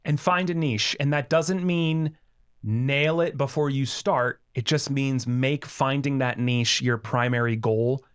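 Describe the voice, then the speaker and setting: A man co-hosting a podcast in casual chat, speaking in a measured, reflective way as he explains and qualifies his points. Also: mid-range voice, fairly even intonation, clean tone. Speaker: podcast co-host.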